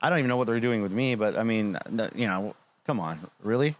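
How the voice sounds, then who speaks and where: Low-pitched man, casual storyteller, acts out the dialogue, talk-show guest. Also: fast talker, muffled recording. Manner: animated, quotes others in dialogue.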